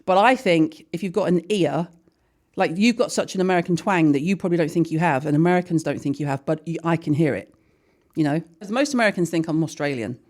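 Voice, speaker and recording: Middle-aged woman, English accent, low voice; chatty, teasing podcast host. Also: darkish tone. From England. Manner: chatty, quick banter. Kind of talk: casual chat.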